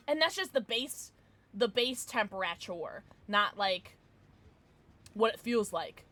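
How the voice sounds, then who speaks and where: A woman's voice: medium pitch, lively intonation, slow, pushed and bright. A young woman, streaming a game and chatting casually with her viewers, rambling and swearing as she plays. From Midwestern United States. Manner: chatty, rambling, swears and reads chat aloud. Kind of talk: casual live-stream chat while gaming.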